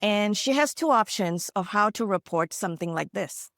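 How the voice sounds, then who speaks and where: A woman's voice: mid-range voice, expressive, normal speed, fairly bright tone, no room sound. Earnest woman keynote speaker, dry sound. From India. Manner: earnest, conversational, frequent "you know" and "right?". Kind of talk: motivational keynote storytelling.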